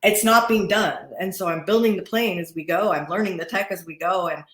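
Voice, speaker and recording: A woman in her forties, a podcast guest talking casually, chatty and quick to laugh, often restarting and repeating words. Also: lowish voice, fairly bright tone, roomy sound. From Utah. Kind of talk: casual interview talk. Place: podcast studio.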